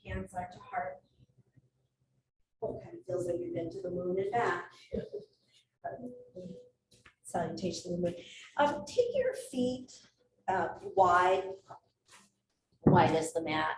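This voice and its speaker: A woman yoga instructor talks a class through breathing and poses in a calm, steady voice, now and then laughing at her own asides. She sounds set back from the mic in a roomy studio with reverb. A faint hum of ambience sits underneath. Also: on the low side, takes it slowly, long pauses. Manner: calm cueing with light self-laughing asides. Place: athletic club studio. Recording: roomy echo from far off, faint ambient noise.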